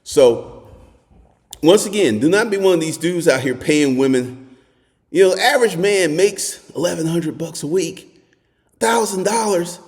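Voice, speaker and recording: A man hosting a dating advice monologue, talking bluntly and crudely, telling stories with animation and at times shouting. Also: sits high, unhurried, long pauses, long reverb tail.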